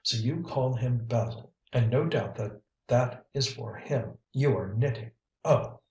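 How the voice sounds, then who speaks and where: A man's voice: medium pitch, unhurried, darkish tone, muffled recording, lightly acted. A man reading the part of a jealous, flabby young schemer who sneers and whines, recorded from a distance in a roomy space. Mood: whining rage. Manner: sneering, whining.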